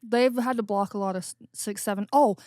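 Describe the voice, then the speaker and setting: Animated woman telling podcast stories. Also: mid-range voice, fairly quick, dry recording, studio quality. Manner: animated storyteller, does silly voices. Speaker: podcast co-host. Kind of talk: casual chat.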